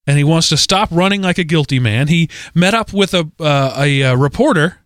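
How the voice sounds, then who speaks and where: A man co-hosting a podcast, casually retelling odd news stories in an animated way, often correcting himself mid-sentence. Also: on the high side, fairly quick, no echo, clean studio sound. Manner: animated, self-correcting storyteller. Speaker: podcast co-host.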